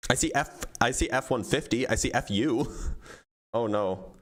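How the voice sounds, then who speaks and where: A male live-stream host running a debate with a caller. He talks in a dry, teasing, casual manner at an ordinary pitch. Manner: dry, teasing, quick back-and-forth.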